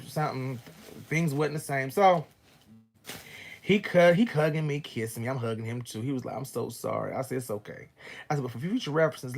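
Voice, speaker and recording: Man, casual storytelling, animated and profane, wide swings in pitch, husky voice. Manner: animated, profane, acts out both sides of an argument. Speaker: vlogger telling a personal story.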